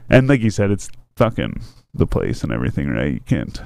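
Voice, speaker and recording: A man's voice: very deep voice, sing-song, a little fast, gravelly, a little mellow, dry recording. A man telling a story in casual chat, laughing often and swearing freely.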